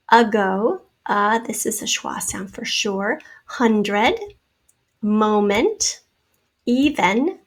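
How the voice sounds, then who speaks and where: A woman's voice: a little high, fairly bright tone. A woman teacher giving a spelling lesson to children, patiently sounding out syllables and explaining vowel sounds.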